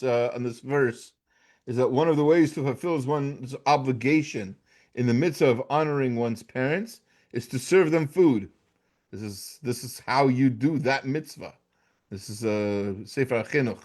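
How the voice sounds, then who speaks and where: A man's voice: medium pitch, a little mellow. An American man giving an informal Torah class, talking conversationally with frequent restarts and "right?" checks. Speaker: class teacher.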